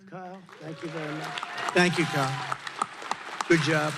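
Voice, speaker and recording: A man's voice: high voice, background noise. An older man giving an off-the-cuff campaign rally speech into a podium microphone, repeating short emphatic lines. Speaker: political candidate. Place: large rally venue before a crowd. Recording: reverberant rally PA, faint crowd.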